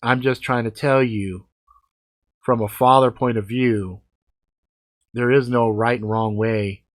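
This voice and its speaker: A man in his forties answering viewer comments in a blunt, heavily profane, animated storytelling chat. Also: mid-range voice, slow. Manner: blunt, heavy swearing, animated.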